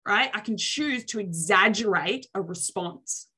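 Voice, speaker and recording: In a lively motivational talk, a young adult woman coaches listeners on social skills, acting out reactions with exaggerated expressions. Her voice is medium in pitch and slightly rough, and she takes her time.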